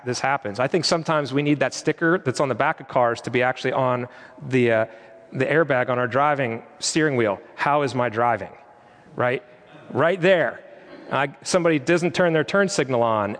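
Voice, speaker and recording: A man's voice: fairly high pitch, big-room sound. A man preaching a sermon in an earnest, conversational way, now and then quoting prayers aloud. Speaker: pastor.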